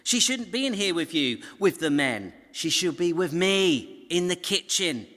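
An exasperated woman, worn out by endless chores, pours out indignant complaints in a high, shrill voice, as a man puts her on. Her pitch swoops and climbs as she protests. The voice rings with the long reverb of a hall. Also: expressive, unhurried, fairly bright tone. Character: exasperated overworked woman fuming about her idle sister.

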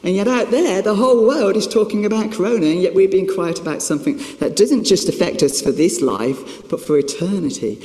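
A man's voice: high-pitched, a little fast, hardly any pauses, darkish tone. A man preaching a sermon, telling a self-mocking story in an emphatic way. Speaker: pastor. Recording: echoey hall with long reverb.

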